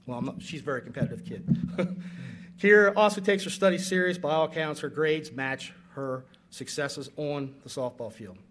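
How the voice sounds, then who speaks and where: A middle-aged father giving an emotional award speech at a banquet, halting with many fillers. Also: a little high. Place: banquet hall.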